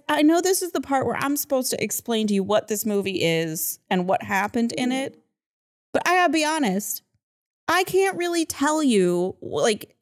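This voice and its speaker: A woman hosts a casual film podcast, chatty and quick with asides, laughing often. Her voice sits a little on the higher side. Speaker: podcast host. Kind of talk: casual film-review chat.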